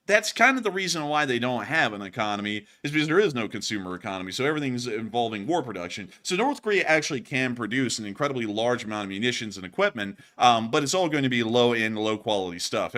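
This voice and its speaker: Male commentator, bright forceful tone, casual and jokey, rambles with fillers. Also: mid-range voice. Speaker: war news commentator.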